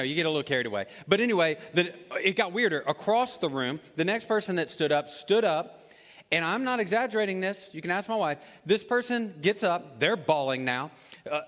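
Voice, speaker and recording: A pastor with a notably high voice tells a story from the pulpit. He speaks in a lively, conversational way. A long reverb trails his words through the church hall. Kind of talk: sermon. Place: church auditorium.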